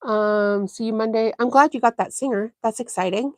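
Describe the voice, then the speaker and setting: A woman's voice: a little high, moderate pace, darkish tone, dry recording. A chatty woman hosts a casual sewing livestream, spinning a story with plenty of fillers. She acts out quoted dialogue with animation, and her voice sounds close and dry. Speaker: sewing channel host.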